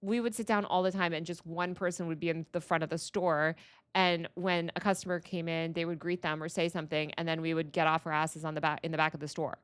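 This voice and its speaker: A woman hosts a livestream and rants at her viewers. Her voice sits a little low, and she sounds exasperated, hammering each point home by saying it twice. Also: flat delivery, fast, smooth. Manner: heated, exasperated, repeats phrases for emphasis. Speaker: livestream host. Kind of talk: ranting livestream commentary.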